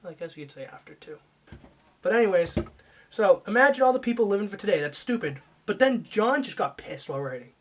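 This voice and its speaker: A man doing a comedic rant, swearing and shifting from mumbled asides to mock-angry yelling. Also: sits high, animated, fairly quick.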